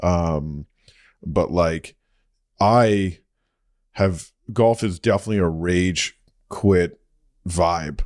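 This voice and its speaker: A man's voice: deep voice, drawn-out words, pauses often, a little mellow, dry recording, clean studio sound. A man co-hosting a podcast in casual chat, laid-back and teasing, often trailing off and restarting. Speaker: podcast co-host.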